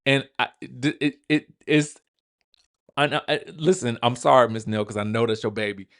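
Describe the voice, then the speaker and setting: A man hosting a casual recap of a reality show. He talks straight to his viewers and acts out the cast members' lines in quick asides. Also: medium pitch, fairly bright tone. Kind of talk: animated casual recap commentary.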